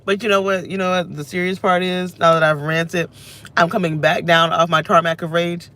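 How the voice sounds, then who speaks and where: Her low-side voice is a bit bright, with little pitch movement and a moderate pace. She's a vlogger in her thirties, sitting in her car and ranting emotionally to camera, rambling as she vents and reflects on herself.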